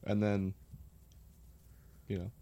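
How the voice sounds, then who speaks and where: A man's voice: on the low side, completely flat delivery, slow, vocal fry, warm tone, highs cut off. A young American man telling travel stories in a laid-back, joking way, with some swearing. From United States. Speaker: guest. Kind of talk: casual storytelling.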